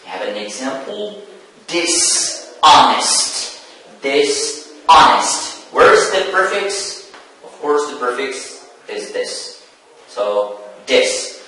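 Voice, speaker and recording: Slow, deliberate teacher in an echoey room. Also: male voice, on the high side, sharp tone, far from the mic, a little hiss or hum. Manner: slow, deliberate, repeats key words. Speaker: English teacher. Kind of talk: televised classroom lesson.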